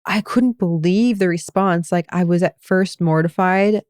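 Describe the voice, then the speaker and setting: A woman's voice: on the low side, a little slow, a little mellow, no echo, studio quality. A woman co-hosting a podcast as a meditation coach, telling a personal story in a reflective, casual way.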